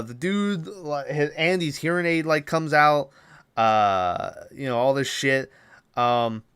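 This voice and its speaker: A man's voice: on the high side, fairly bright tone, clean tone, no room sound. A man hosting a podcast, casually retelling a movie plot in a rambling, profane way with lots of filler words. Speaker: podcast host.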